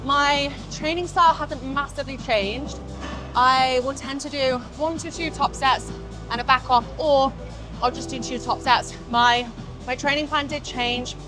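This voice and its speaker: A woman's voice: high-pitched, steady tone, a little slow, over music. Chatty young English woman vlogging. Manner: chatty, swears casually, rambling asides. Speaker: fitness vlogger. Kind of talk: casual vlog chat to camera. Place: gym.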